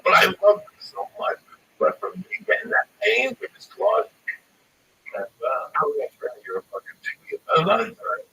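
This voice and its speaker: A man tells a rambling, profane story in a high, bright voice that swings wildly up and down. His delivery is animated and full of swearing. The mic sits at a distance and faint noise hangs behind him. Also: normal speed, gravelly. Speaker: stand-up comedian.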